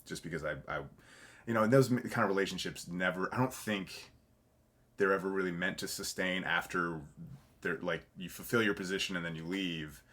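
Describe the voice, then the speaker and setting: A man's voice: sits low, a little fast, a bit bright. A man, a podcast guest and actor, talking candidly and rambling, correcting himself, swearing freely and laughing through his stories. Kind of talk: candid conversational interview.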